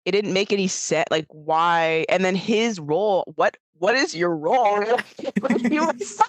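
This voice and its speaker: A woman co-hosting a podcast, chatting casually about a film, animated and laughing often as she acts out lines. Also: medium pitch, a little slow, dry recording, low-quality recording. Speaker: podcast co-host. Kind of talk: casual film review chat.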